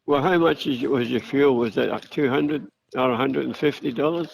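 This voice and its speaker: Gravelly older Scottish man. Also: mid-range voice, normal speed, low-quality recording. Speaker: host's father on a call. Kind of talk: casual phone chat.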